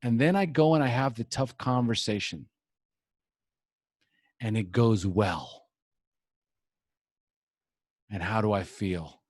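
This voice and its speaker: A man's voice: lowish voice, takes it slowly, long pauses, darkish tone, no echo. A man hosting a recovery podcast, talking earnestly and reflectively in long thoughtful stretches. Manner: earnest, reflective, speaks in mini-lectures. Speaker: podcast host.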